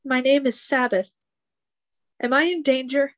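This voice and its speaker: A woman playing an anxious, polite teenage bard in a tabletop game, flustered and quick to apologize. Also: sits high, fairly even intonation. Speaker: player.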